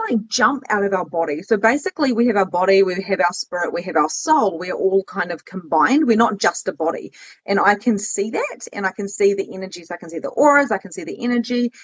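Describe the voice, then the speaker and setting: A woman in her thirties hosts a casual podcast conversation, rambling in an animated way and laughing often. Her voice is husky and breathy. The audio is muffled and lo-fi. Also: medium pitch. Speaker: podcast host and spiritual coach. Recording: dull lo-fi audio.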